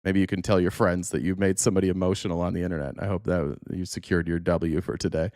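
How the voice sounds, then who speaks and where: Heated and swearing, a man reacts to clips and chat during a casual political livestream, tripping over restarts as he rants. His low, darkish voice moves fast with little pitch variation. The close-miked audio is dry, without echo.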